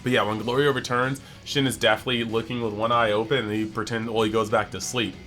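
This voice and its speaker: Male anime reviewer, bright tone, loose and chatty, acts out quotes as he goes. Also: mid-range voice, soft background music. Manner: animated, acts out characters' lines in quick bits; chatty, heavy use of "like". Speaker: anime review channel host. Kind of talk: casual episode breakdown.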